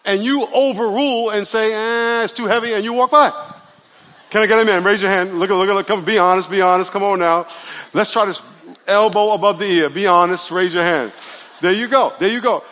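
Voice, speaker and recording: A man preaching a sermon as pastor, conversational and animated, calling on his congregation to answer and raise their hands. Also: high-pitched, brisk, long reverb tail. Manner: conversational, animated preaching with audience call-and-response. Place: church sanctuary.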